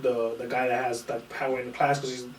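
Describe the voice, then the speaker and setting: A man in casual podcast talk, spinning a swear-laden story and acting out everyone's lines. His voice sits at an ordinary middle pitch. The recording is roomy and echoey, and he sounds set back from the microphone. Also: fast talker, a little hiss or hum. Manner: animated, profane storytelling that acts out quotes. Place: room in a small podcast setup. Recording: roomy echo, far from the mic.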